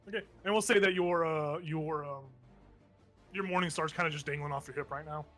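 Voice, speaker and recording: A man with a bright, fairly high voice runs a tabletop game as game master. He talks loosely and rambles as he thinks aloud over the rules, with faint music playing behind him. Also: fairly even intonation, fairly quick. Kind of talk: running a tabletop game, casual.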